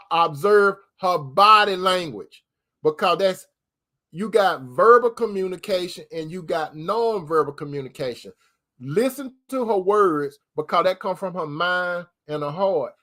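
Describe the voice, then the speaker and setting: A man hosting an advice talk in a preacherly way, calling listeners brother and stretching key words slowly. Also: high voice, a bit bright. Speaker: host giving relationship advice. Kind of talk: preacherly advice talk reading viewer comments.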